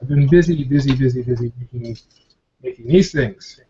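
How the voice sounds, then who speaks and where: A man hosts a casual group video chat, rambling along with laughs and repeated words. His voice sits at a middle pitch. The call audio sounds muffled and lo-fi. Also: moderate pace, mellow, husky. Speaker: host of a motovlogger hangout.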